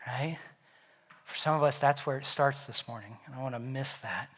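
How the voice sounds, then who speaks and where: A man preaching a sermon as pastor, animated and acting out the Bible characters in quoted voices. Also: medium pitch, moderate pace.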